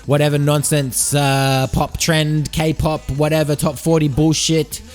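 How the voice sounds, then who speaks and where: Rambling podcast host. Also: male voice, a little high, flat delivery, measured pace, faint music behind. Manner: joking, meandering, swears freely. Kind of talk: rambling solo podcast monologue.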